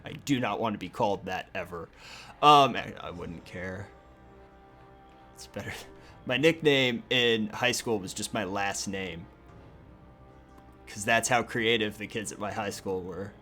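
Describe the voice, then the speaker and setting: A man's voice: lowish voice, measured pace, pauses often, pushed and bright, faint music behind. A young man giving casual, profane, sarcastic commentary on a card game he is playing, often muttering to himself. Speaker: gaming video host.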